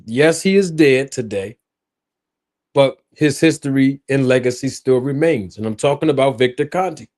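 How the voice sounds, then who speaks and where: In a mid-range voice at a moderate pace, a streamer chats casually with his viewers through his own mic. He's animated and full of jokes, addressing his chat directly.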